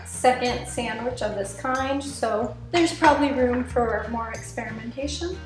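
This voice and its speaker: A woman's voice: fairly high pitch, a little slow, few pauses, echoey room, soft background music. A woman hosting a casual cooking vlog, chatty and rambling, amused at herself as she talks through a recipe.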